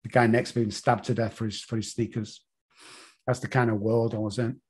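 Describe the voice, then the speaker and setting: A middle-aged man telling a confessional personal story in an interview, halting and repeating himself. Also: fairly low pitch, flat delivery, darkish tone, breathy edge. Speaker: guest.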